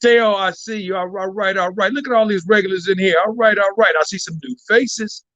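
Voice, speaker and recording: A man hosting a live stream, excitable, shouting out viewers and repeating his phrases. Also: high voice, fairly quick, no echo, highs cut off. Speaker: livestream host. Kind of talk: hyped live stream chat.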